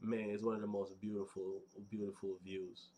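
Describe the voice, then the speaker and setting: A man's voice: lowish voice, level tone, normal speed, dark tone. Rambling man giving a tour. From United States. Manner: rambling, conversational, many fillers and tag questions. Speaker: vlogger. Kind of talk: casual walking tour narration. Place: outdoors on a windy mountaintop.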